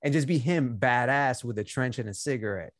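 A man's voice: medium pitch, fairly quick, dry recording, clean studio sound. Laid-back slangy man on a podcast. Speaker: podcast co-host. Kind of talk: casual movie discussion.

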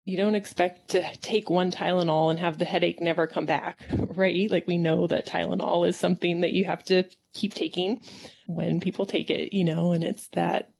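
A woman's voice: fairly low pitch, little pitch movement, normal speed, creaky, a little mellow, slight background noise. A woman acupuncturist in casual conversation, reflective and upbeat, often laughing as she talks.

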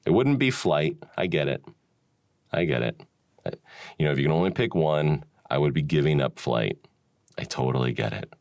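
A man's voice: very deep voice, expressive, normal speed, vocal fry, pauses often, a little mellow, no room sound, studio quality. A man hosting a solo talk, rambling and musing with frequent chuckles and restarts. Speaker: podcast host. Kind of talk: solo reflective monologue.

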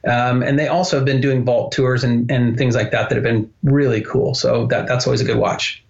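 Male guest, chatty storyteller, muffled lo-fi audio, mid pitch. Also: fairly even intonation, brisk, creaky. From United States. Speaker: guest, animator. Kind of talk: podcast interview.

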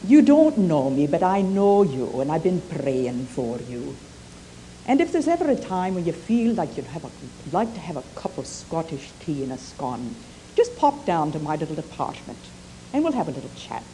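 A woman voicing a kindly elderly Scottish woman, speaking softly and slowly in a gently coaxing way. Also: low-pitched, sing-song, a little hiss or hum, poor audio. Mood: tender.

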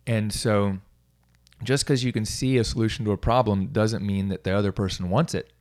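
A man's voice: lowish voice, fairly even intonation, normal speed, a little mellow. A middle-aged man, a coach, talking casually on his own, rambling with restarts and small self-amused laughs. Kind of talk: casual solo talk.

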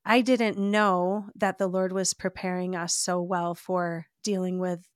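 A woman's voice: fairly low pitch, flat delivery, unhurried, no echo, studio quality. A woman as a podcast guest, telling a personal faith testimony in an earnest, heartfelt way, often saying "like". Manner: earnest, heartfelt storytelling with frequent "like".

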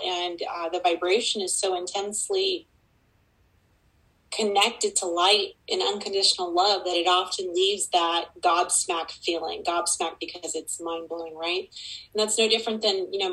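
A woman's voice: fairly low pitch, a bit bright, slightly rough, poor audio. A woman guest, a spiritual mentor, explaining her views in earnest, flowing sentences. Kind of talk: interview talk.

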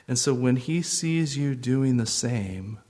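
A man preaching a sermon as pastor, earnest and gentle, with sudden swells of intensity. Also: mid-range voice, expressive, slow.

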